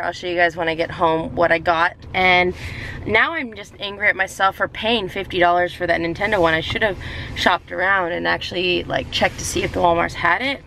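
A young woman, vlogging casually from her car and around stores, rambling and indecisive, getting excited as she talks. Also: lowish voice, a little hiss or hum. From California. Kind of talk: casual vlog chat.

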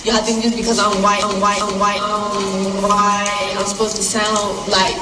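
A woman talking defensively in halting speech full of fillers. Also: mid-range voice, level tone, loud music behind the voice. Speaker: person in a viral clip. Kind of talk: casual defensive talk. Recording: distant echoey recording with reverb.

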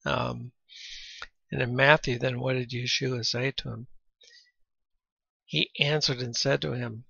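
Slow gravelly-voiced man teaching scripture. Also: mid-range voice, little pitch movement, pushed and bright, no room sound, lo-fi sound. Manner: reads scripture aloud between explanations, often clears throat. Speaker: Bible teacher. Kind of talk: Bible teaching lecture.

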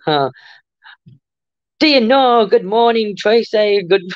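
Brief: older woman, livestream host, giggly and warm-hearted chat, lo-fi dry mic. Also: fairly high pitch, lively intonation, slow, no echo. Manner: chatty, greets viewers with endearments, giggly. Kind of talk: casual live chat reading comments. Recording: muffled lo-fi dry room sound.

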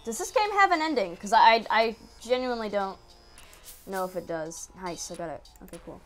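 A woman giving casual let's-play commentary, excitable, yelping at enemies and muttering to herself. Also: mid-range voice, brisk, soft background music. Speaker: gaming video creator.

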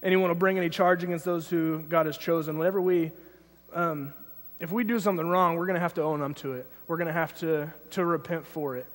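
A young man with a high voice preaches a casual sermon, telling stories with lots of halting restarts and growing animated. His voice rings out with a long reverb in a church hall. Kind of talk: informal sermon with personal story. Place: church sanctuary.

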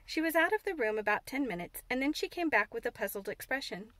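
A woman reading a classic children's novel aloud in steady, clear narration. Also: high voice, fast talker, dry recording. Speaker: audiobook reader. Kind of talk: scripted narration.

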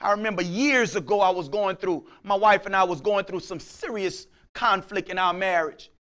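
A man preaching a sermon as pastor, casual in speech, acting out his listeners' voices and swinging from quiet talk to shouts. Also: high-pitched, moderate pace.

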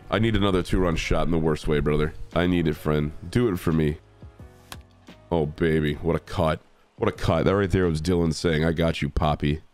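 A young man with a very deep voice and a stuffy head cold commentates his baseball video game in a loose, excitable way. He swears freely, mocks the players and shouts at the screen, with faint game music playing under him. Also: clear, resonant tone. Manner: excitable, profane, trash-talking the game. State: congested from a cold. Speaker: gaming streamer. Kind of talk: casual gameplay commentary.

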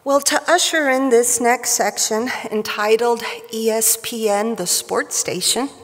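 A woman giving a prepared tribute speech at a professional society event, with a wry, measured delivery, at a podium microphone in a large hall. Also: a little high. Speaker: speaker at a surgical society event. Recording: reverberant hall.

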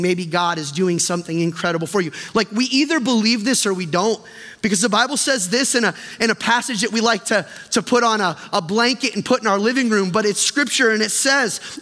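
A man preaching as pastor in a church, impassioned and then dropping soft and low to plead with the congregation. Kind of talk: sermon. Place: church sanctuary. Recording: long reverb of a church hall.

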